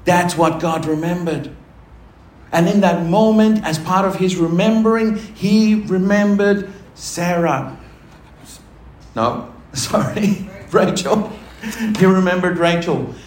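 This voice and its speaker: A man's voice: high voice, slow pace. A man preaching a sermon, emphatic, asking the congregation rhetorical questions. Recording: echoey room with faint ambient noise.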